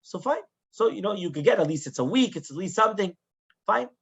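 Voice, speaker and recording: Animated husky-voiced rabbi telling a story. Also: male voice, high-pitched, fairly quick. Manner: animated storyteller, acts out the people in his tale; mixes Hebrew terms into English, with frequent tag questions. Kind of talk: Torah lesson storytelling. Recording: dull, lo-fi recording.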